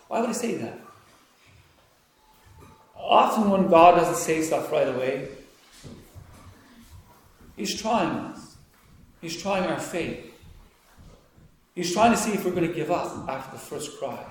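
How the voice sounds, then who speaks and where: A man preaching a sermon who swings between hushed, quiet pleading and loud, excited storytelling. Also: sits high, normal speed, pauses often. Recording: very echoey room, faint noise.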